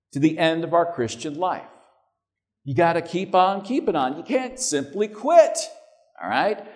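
A male preacher delivering a sermon in a relaxed, conversational way, often restarting his phrases. His voice sits a little high for a man. It rises and falls widely, with emphatic peaks and quiet stretches. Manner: conversational, repeats words when starting.

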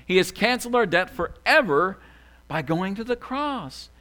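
Preacher, male, fairly high voice with a very lively pitch, animated sermon delivery. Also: normal speed. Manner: animated, swings from loud excitement to quiet asides. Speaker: pastor.

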